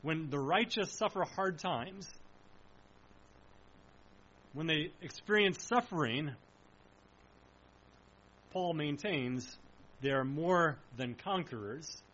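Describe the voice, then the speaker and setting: A man preaches a sermon with a high, bright voice. His delivery is earnest and emphatic, and he slows right down to stress the key lines. The recording sounds dull and lo-fi. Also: lively intonation.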